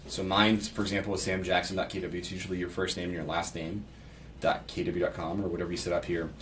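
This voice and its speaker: A man from Pittsburgh giving a relaxed, think-aloud screen-share tutorial as a real estate agent, reading template text aloud with asides. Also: sits low, fast. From Pittsburgh, United States. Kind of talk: casual screen-share walkthrough. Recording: slightly distant mic with faint background noise.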